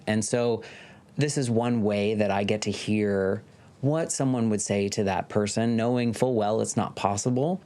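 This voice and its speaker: Earnest man hosting a podcast, lower-pitched delivery. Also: a little mellow. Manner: earnest, reflective. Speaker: podcast host. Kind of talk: scripted podcast introduction.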